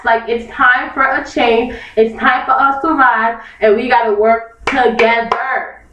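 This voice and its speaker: A woman's voice: a little high, a little slow, noisy background. A young woman ranting angrily to her camera, repeating her points with emphasis and mocking other people in put-on voices. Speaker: vlogger. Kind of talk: heated opinion rant. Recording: echoey, distant, dull lo-fi webcam recording.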